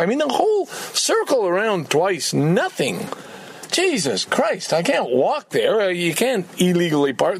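An older man rants into the camera, frustrated and cursing freely. His voice is rough and gravelly and jumps up and down as he vents. A faint hum of ambient noise sits behind him. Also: high voice. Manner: frustrated, swearing, venting. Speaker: vlogger. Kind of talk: ranting personal vlog.

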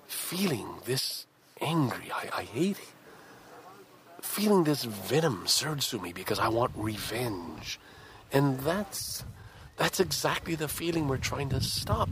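A man hosting a show, delivering an angry, impassioned solo monologue full of halting restarts. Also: medium pitch, background noise. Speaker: show host.

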